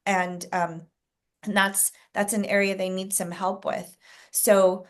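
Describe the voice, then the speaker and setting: A woman hosts a group video call and talks her team through a coaching point. She is encouraging and loose, with plenty of ums and the odd clearing of her throat, and her voice sits in an ordinary middle range. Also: mid-range voice, flat delivery, slow pace. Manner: encouraging, frequent fillers, clears throat often.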